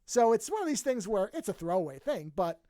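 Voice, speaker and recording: A man with a high voice rambles through casual podcast chat, restarting his sentences and amused at his own jokes. The sound is dry and close, with no room around it. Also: very animated, a little fast, warm tone, no room sound. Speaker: podcast co-host.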